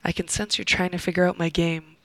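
A woman narrating a first-person erotic story in an intimate voice that slips into soft whispers, with heavy vocal fry. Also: on the low side, little pitch movement, brisk, no echo, poor audio.

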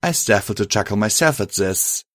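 A man's voice: on the low side, expressive, moderate pace, fairly bright tone, dry recording. Man narrating an audiobook, dry sound. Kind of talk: audiobook narration of fan fiction.

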